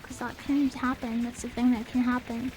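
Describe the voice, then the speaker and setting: Brief: bright, high-pitched woman game streamer, rambling and playful, slightly sniffly. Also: little pitch movement, normal speed, low-quality recording. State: a little sniffly. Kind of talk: casual game stream chat. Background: faint game music.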